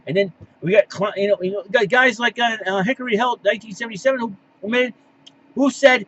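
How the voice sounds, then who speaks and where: A man's voice: high-pitched, fast, fairly bright tone, lo-fi sound. A man hosting his own podcast, ranting casually and with exasperation, with many restarts and fillers. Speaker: podcast host. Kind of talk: casual solo rant.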